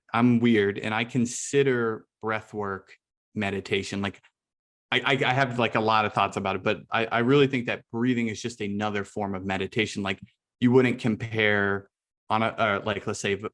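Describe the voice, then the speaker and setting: A man, a guest breathwork teacher, chatting casually on a video call, with lots of fillers and restarts. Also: on the low side. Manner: relaxed, filler-heavy, many restarts.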